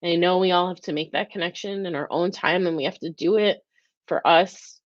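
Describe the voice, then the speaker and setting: Hosting a live-stream talk, a woman with a fairly low, steady voice speaks fairly quickly, earnest and openly emotional as she rambles through restarts. The dry, slightly dull audio resembles a lo-fi webcam mic.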